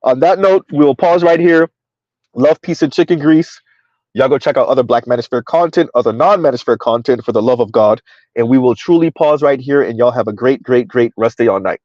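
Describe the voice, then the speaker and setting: A man's voice: medium pitch, brisk, darkish tone, dry recording. A man hosting a casual live-stream, laughing often as he reads viewer comments aloud and reacts to them. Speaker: commentary channel host. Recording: dull lo-fi dry sound.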